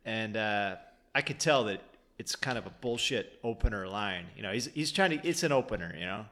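A man's voice: fairly low pitch, animated, normal speed, fairly bright tone. Male co-host, loose rambling storyteller, swears freely, stumbles and restarts. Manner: rambling, many restarts, profane. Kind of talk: casual chat, storytelling.

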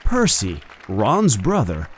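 A man narrating a storybook in an expressive reading manner, jumping high for characters' calls. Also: slow, a faint crowd, slight background noise.

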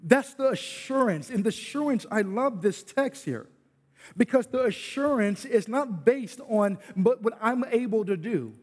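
Male pastor preaching loud, high voice, keeps saying listen listen, big echoey hall. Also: animated, measured pace. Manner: preaching with loud yelling bursts, repeats "listen". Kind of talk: sermon.

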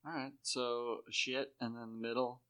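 A man talking in rambling, profane casual chat, jumping into high put-on voices to act out scenes. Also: normal speed. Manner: animated, acts out characters in high put-on voices. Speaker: podcast co-host.

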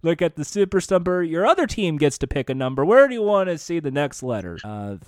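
A man chatting as a podcast co-host, his voice sitting a little high and swinging widely in pitch. He talks in an animated way, laughing often and now and then putting on a mock game-show announcer tone. The sound is dry and close. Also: fairly quick, dry recording. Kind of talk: casual chat about game shows.

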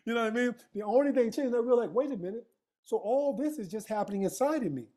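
A man's voice: very high voice, fast, warm tone. A man telling a personal story in casual conversation, emphatic and street-casual, full of rhetorical questions to his listener. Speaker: guest.

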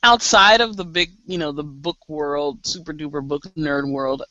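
A woman co-hosting a casual podcast chat, talking in an animated way with laughs and exasperated asides. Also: deep voice, moderate pace, no room sound, highs cut off. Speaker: podcast co-host.

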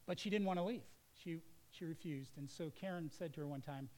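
A man's voice: fairly high pitch, fairly quick, hardly any pauses, a little mellow, low-quality recording. A middle-aged male pastor preaching a sermon in an earnest, conversational way.

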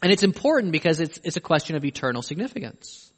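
Male preacher, high and emphatic, sermon delivery, long hall reverb. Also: big pitch swings, quick pace, breathy edge. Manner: emphatic, pleading questions to the listener.

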